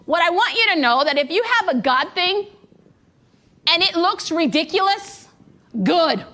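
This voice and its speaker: A woman preaching a sermon to a congregation, lively and engaging them in call-and-response, a little out of breath. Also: extremely high pitch, unhurried. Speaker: guest preacher.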